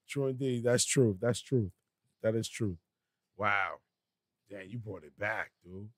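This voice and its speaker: A man's voice: lowish voice, fairly even intonation, takes it slowly, long pauses, bright, forceful tone, no room sound, clean studio sound. A man hosting a podcast in laid-back, slangy casual chat, with plenty of fillers. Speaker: podcast host.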